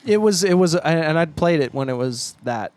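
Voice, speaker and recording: A young man speaks in a fairly high, smooth, resonant voice. He is easygoing and agreeable, laughing along and telling stories in relaxed podcast chat. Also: normal speed, no room sound. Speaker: podcast co-host, guitarist. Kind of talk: casual chat.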